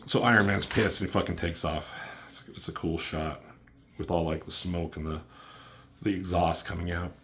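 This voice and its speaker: A man with a notably low voice talks through a comic book review in a loose, rambling way. He leans on fillers and drops casual swears as he sums up the story. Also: fairly even intonation, moderate pace, fairly bright tone.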